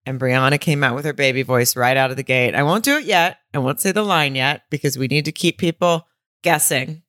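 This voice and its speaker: A woman with a low voice co-hosts a podcast in loose, chatty banter. She swears freely and jokes her way through. The sound is dry and close. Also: brisk, fairly bright tone, dry recording. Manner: profane, joking. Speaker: podcast co-host. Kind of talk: casual chat.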